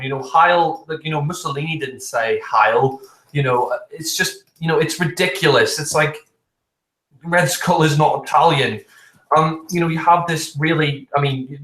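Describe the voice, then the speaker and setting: A man's voice: medium pitch, sharp tone. A man gives a casual film review in a mid-range voice, rambling along with constant fillers and blunt, profane put-downs. His voice rings with the echo of a roomy space.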